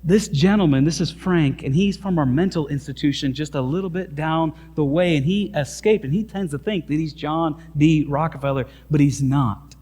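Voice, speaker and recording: A brisk, apologetic nurse, played by a male preacher. The voice is raised a little in pitch, with a long hall reverb behind it. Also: darkish tone, natural voice.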